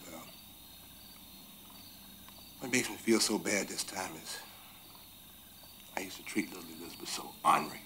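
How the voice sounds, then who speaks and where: An actor in a 1980s TV film drama gives voice to a tender, remorseful runaway on a raft, speaking slowly and sincerely in a rural Southern US dialect and often slipping into whispers. The voice is low, and a little hiss or hum sits under it.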